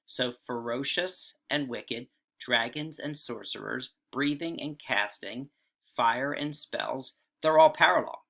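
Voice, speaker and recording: A man's voice: mid-range voice, takes it slowly, vocal fry, bright, forceful tone. A man teaching writing in a casual video lesson, often checking in with "all right" and "right?".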